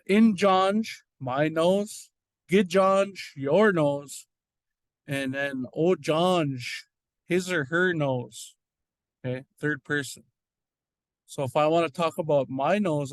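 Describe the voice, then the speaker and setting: A man teaching an informal language lesson, slowly repeating and sounding out words, with frequent fillers. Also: a little high, no room sound. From Red Lake.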